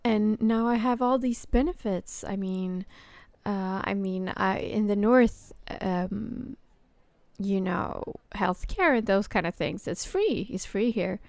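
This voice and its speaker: A woman chatting casually about work, stopping and restarting often with plenty of fillers. Her voice is smooth and clear at a middle pitch. The sound is dry and close. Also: a little mellow, dry recording. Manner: halting, many fillers and restarts. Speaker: podcast host. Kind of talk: casual chat.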